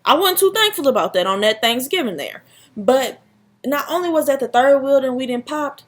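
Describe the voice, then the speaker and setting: Young woman vlogger, higher voice, dramatic and slangy storytime telling. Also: animated, a little fast, a bit bright. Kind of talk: casual storytime chat.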